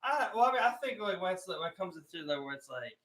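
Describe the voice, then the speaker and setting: Fast-talking bright-voiced young man. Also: sits high, sing-song, low-quality recording. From Maryland, US. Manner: rambling, heavy on "like" and "you know". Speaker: podcast co-host. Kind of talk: casual chat.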